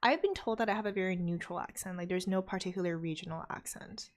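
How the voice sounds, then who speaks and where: A woman's voice: on the low side, quick pace. A young woman with a North American accent, hosting a live study stream and chatting casually while she reads viewer comments, laughing often. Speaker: study stream host reading chat.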